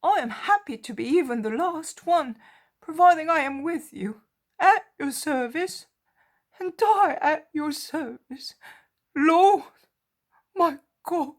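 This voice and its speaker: A woman's voice: high-pitched, lively intonation, slow, pitched above the performer's own voice. A woman voicing a remorseful grown fisherman apostle who pleads anxiously and tearfully. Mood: pleading.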